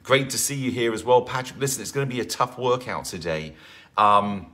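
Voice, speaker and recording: A man's voice: mid-range voice, a little fast, sharp tone. A man leading a live online workout class as fitness instructor, chatty and encouraging, greeting viewers by name between rambling asides.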